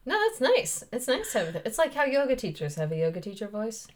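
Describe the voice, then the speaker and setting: A woman's voice: on the high side, fast. A young woman co-hosting a podcast in casual chat, easily amused and laughing. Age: young adult. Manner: giggly, easily amused, animated. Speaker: podcast co-host.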